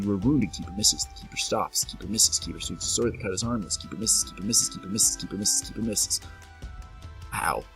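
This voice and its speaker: A man with a fairly low voice gives a playful let's-play commentary. He teases the monsters and reads the game text aloud, with quiet game music playing behind him. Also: breathy edge. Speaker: gameplay commentator.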